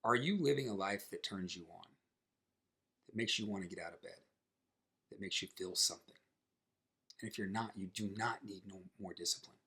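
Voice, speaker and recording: A man's voice: low-pitched, bright, forceful tone, husky. A man co-hosting a podcast, closing with an emphatic, rousing delivery. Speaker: podcast co-host. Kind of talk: casual motivational podcast chat.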